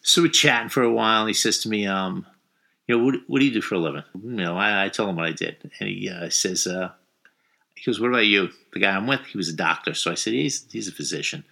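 A man's voice: fairly low pitch, fast, creaky, bright, forceful tone. A middle-aged man from the New York area telling a rambling story in casual chat, full of fillers and swearing.

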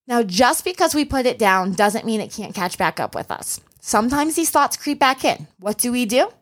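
A young adult woman hosting a solo podcast as a running coach, telling a race story and giving earnest, encouraging advice. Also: a little high. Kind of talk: casual solo podcast talk.

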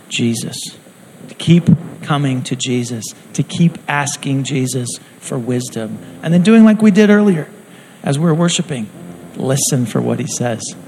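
A man's voice: mid-range voice, darkish tone, slight background noise, rough recording. A man preaching a sermon in an earnest, conversational way, acting out quotes as he goes.

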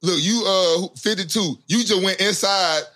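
A man co-hosting a podcast, excitable, reading out listener questions in casual chat. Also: sits high, a little slow. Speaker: podcast co-host.

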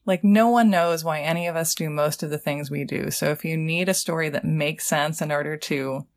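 Woman podcast co-host, deep fry-heavy voice, rambling casual talk. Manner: quick, discursive, thinking aloud with many "like"s. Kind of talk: casual discussion.

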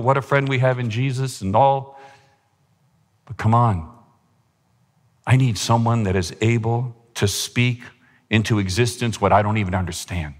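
A man preaching a sermon in a church, impassioned, rising to a higher pitch at his climaxes. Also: a bit bright. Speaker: pastor. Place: church sanctuary. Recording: long hall reverb.

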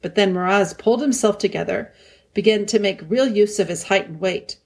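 A woman narrating a children's novel in a calm, measured audiobook reading. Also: medium pitch. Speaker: audiobook reader.

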